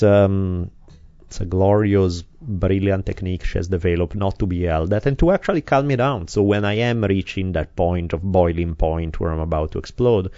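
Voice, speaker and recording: Podcast co-host, deep man, dry close sound, slightly dull lo-fi, candid casual talker who swears. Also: dark tone, dry recording. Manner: candid, self-deprecating, swears freely. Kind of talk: casual chat.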